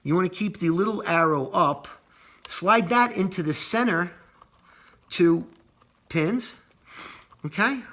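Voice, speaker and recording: A man's voice: sits high, slow, long pauses, fairly bright tone. A man casually walking viewers through a wiring job, rambling, repeating words and cursing when annoyed. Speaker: video host demonstrating an install. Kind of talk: casual how-to walkthrough.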